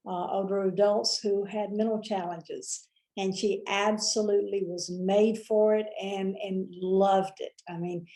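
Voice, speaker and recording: A middle-aged woman, hosting a vlog and telling a personal story in a chatty, animated way, with many fillers and restarts. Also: medium pitch. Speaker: vlog host.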